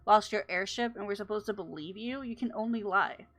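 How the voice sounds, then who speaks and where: A woman's voice: mid-range voice, brisk, fairly bright tone, close to an everyday voice. A woman voicing a band of hostile male crook brothers, reading their lines in a stern, threatening way. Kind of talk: reading game dialogue aloud.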